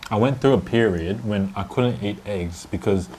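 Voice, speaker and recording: A man's voice: lowish voice, moderate pace, darkish tone, slight background noise. An Australian man vlogging outdoors over dinner, joking and teasing in casual chat. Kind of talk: casual chat while eating.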